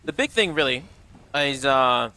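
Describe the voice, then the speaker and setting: A man's voice: mid-range voice, expressive, a little slow, sharp tone. A young man streaming a game live, chatting casually with viewers, swearing often and reading out chat. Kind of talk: casual livestream chat while gaming.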